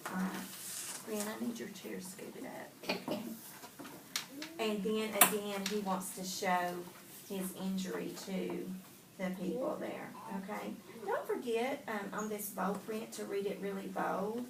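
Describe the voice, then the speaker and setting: A woman's voice: medium pitch, measured pace, gravelly. A woman teaching young children to read, patient and prompting them with questions. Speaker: reading teacher. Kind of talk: guided reading with young children. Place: classroom. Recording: echoey classroom from far off, loud noise.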